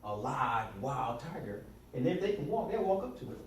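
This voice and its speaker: A man leading a small sales workshop, telling animated stories and acting out quotes in a sarcastic, lively way. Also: normal speed. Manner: lively storyteller, acts out quotes in high voices, sarcastic. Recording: echoey room from far off, clear background noise.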